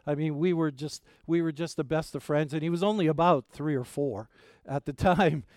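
A man's voice: on the high side, normal speed, a little mellow, no echo, clean studio sound. A middle-aged male pastor preaching a sermon, telling family stories in a folksy, rambling way with many fillers.

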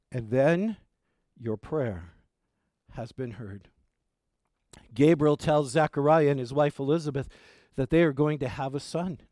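A man preaching a sermon, retelling a scripture story with expressive delivery, voice dropping low and soft at the ends of phrases, with touches of dry humor. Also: no echo.

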